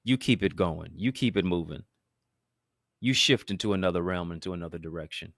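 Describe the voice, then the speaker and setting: A man's voice: low voice, fairly quick, fairly bright tone, no room sound, clean studio sound. A man hosting his own show, delivering a motivational talk with an emphatic, preacher-like cadence full of repetition and wordplay. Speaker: motivational speaker and show host.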